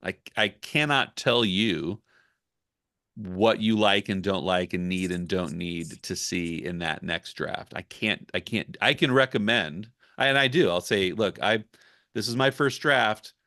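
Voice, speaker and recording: A man with a low voice talks through his work in a relaxed podcast chat. He is candid and reflective. His sound is dry and close, with no room around it. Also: measured pace, no room sound. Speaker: ghostwriter guest. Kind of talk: casual podcast conversation.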